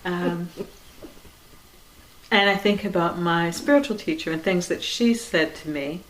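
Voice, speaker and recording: A woman giving a reflective spiritual talk in a conversational way, with many "you know"s, soft laughs, and quiet trailing phrases. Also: lowish voice, takes it slowly, slight background noise, low-quality recording. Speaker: dharma talk speaker.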